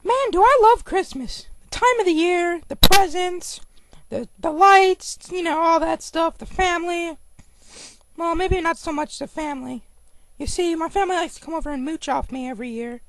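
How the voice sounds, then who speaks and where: A woman's voice: very high-pitched, moderate pace, rough recording. A woman voicing a young male hedgehog who rambles and complains with lots of "you know.". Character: young male hedgehog, whiny, easily annoyed.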